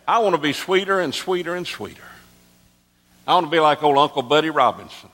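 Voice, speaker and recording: A man in his sixties, a pastor, preaching an earnest sermon that drops soft and low, then rises to emphatic calls. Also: lively intonation, a little fast. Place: church sanctuary. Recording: long reverb of a large hall.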